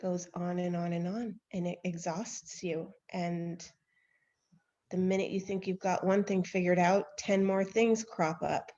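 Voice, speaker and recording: A woman's voice: on the low side, level tone, measured pace, warm tone. Candid self-deprecating woman co-host, lo-fi call. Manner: candid, self-deprecating storyteller who laughs and sighs often. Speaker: podcast co-host. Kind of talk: casual chat.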